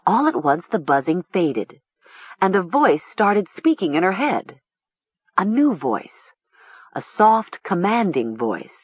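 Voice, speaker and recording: An audiobook narrator reading a horror story with slow, expressive storytelling. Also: medium pitch, breathy edge, no echo, muffled recording.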